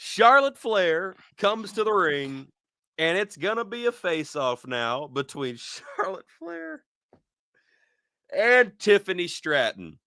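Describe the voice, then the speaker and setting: A man hosting a casual wrestling review, telling the story with animated energy, acting out lines, laughing often and restarting his sentences. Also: high voice, slow, dry recording, clean studio sound. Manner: repeats words and restarts mid-sentence.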